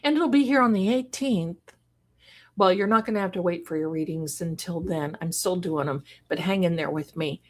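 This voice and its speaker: A woman's voice: lowish voice, moderate pace. Gushing woman livestream host. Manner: effusive, gushing over viewers with sudden excited exclamations. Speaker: livestream host and card reader. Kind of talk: casual livestream chat, reading viewer comments aloud.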